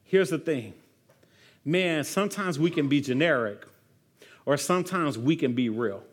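A man's voice: fairly high pitch, expressive, unhurried. A man preaching a sermon in a casual, conversational way, saying "man" over and over. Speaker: pastor.

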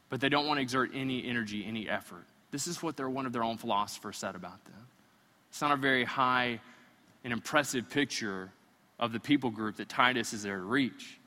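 A pastor preaching in a relaxed, conversational way to his church, now and then slipping into imagined voices. His voice is a little high and bright. It rings with the long reverb of a large hall. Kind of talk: sermon.

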